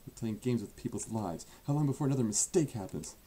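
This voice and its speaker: A man voicing a blunt young male protagonist in a fan-made visual novel, speaking in his own low, dry voice. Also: lively intonation, quick pace, dark tone, breathy edge. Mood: accusing.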